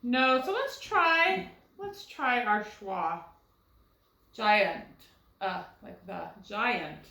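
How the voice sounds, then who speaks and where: With a slightly high, very animated voice that is slow, creaky, and sharp in tone, a woman teaches a recorded first grade phonics lesson. She guides young students with rhetorical questions while patiently sounding out words syllable by syllable. The recording is reverberant and low quality.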